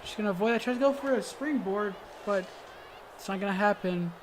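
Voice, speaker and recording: A gaming video host, a woman with a medium-pitched voice, gives brisk play-by-play of a wrestling video game. She bursts into excited exclamations as she calls the moves, often hesitating with fillers and correcting herself. There's slight background noise.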